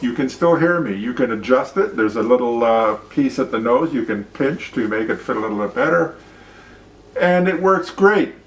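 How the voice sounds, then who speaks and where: A man hosting an opinion vlog, talking bluntly with a ranting, profane manner. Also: medium pitch. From Canada. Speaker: show host. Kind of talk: opinion vlog monologue and demonstration. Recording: roomy sound, mic at a distance.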